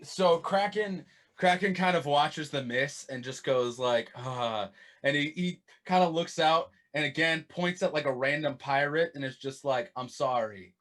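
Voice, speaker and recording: A man with a somewhat high voice describes his character's moves in a casual tabletop game. He talks in a loose, halting way with plenty of fillers. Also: a bit bright. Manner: chatty, halting, full of fillers. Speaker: player.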